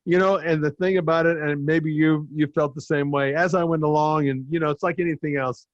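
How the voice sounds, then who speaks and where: A man hosting a podcast, telling stage stories in a relaxed chatty way and acting out what others said. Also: fairly high pitch, a little fast, no echo, highs cut off. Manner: storytelling, animated when quoting others. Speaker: podcast host. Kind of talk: casual interview chat.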